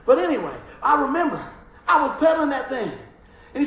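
A middle-aged man preaching a sermon, telling animated stories and often asking the congregation "amen?". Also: very high voice, fairly quick, distant mic. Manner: animated storytelling, frequent call-and-response "amen?". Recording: echoey room with faint ambient noise.

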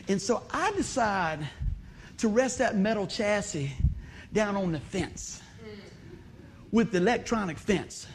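A middle-aged man preaching a comic storytelling sermon, animated and laughing, with bursts of shouted exclamations. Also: high-pitched, slow, pauses often, slight background noise. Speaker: pastor.

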